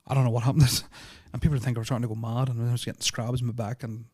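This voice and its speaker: Fast-talking man, rambling. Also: medium pitch, flat delivery, a little mellow, dry recording, clean studio sound. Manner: rambling, full of "like" fillers, restarts and swearing; nervous, uneasy retelling. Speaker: podcast host. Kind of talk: casual storytelling of personal experiences.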